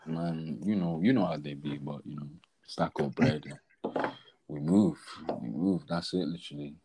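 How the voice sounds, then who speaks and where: A young man with a deep, husky voice, chatting casually as a podcast co-host. His delivery rambles from one story beat to the next, packed with slang and filler words. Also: normal speed, warm tone, poor audio. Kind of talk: casual chat.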